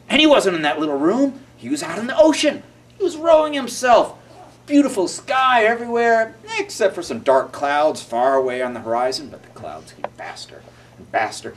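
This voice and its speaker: A man's voice: high voice, huge pitch swings, normal speed. A male storyteller performing a children's tale dramatically, with gasps and sound effects. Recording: distant mic with faint noise.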